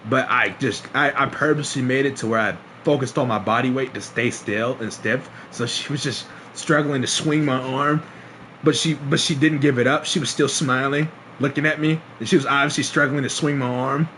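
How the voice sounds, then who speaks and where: A young man casually telling a story to his stream, swearing, laughing often and acting out quotes loudly. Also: mid-range voice, fairly even intonation, normal speed, a little hiss or hum.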